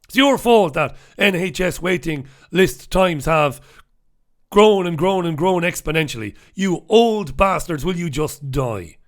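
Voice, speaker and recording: A man's voice: on the high side, lively intonation, unhurried. A man sneering as a callous establishment official. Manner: sneering, contemptuous rant. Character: callous male establishment official scorning old people.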